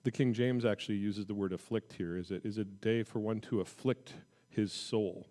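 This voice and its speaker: A man teaching a casual midweek Bible lesson, talking conversationally and reading scripture aloud with lively emphasis. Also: fairly low pitch, normal speed.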